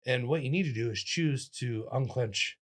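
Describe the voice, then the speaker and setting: A man, a comedian, telling stories in a casual interview, animated and acting out the voices of people he quotes with sudden jumps in pitch. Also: moderate pace. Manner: talks in restarts and fillers, lively physical-comic energy. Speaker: comedian guest.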